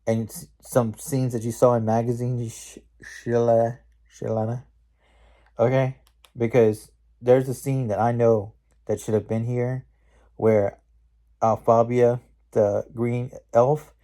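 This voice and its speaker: A man's voice: lowish voice, mellow. A man casually recapping a movie scene by scene, rambling and slangy with lots of fillers. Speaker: movie reviewer.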